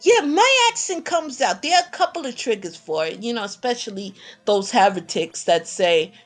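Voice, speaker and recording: A woman with a New York accent commentates a game tournament in a lively, excitable way, laughing often. Her voice sits a little high, with soft music underneath. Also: normal speed.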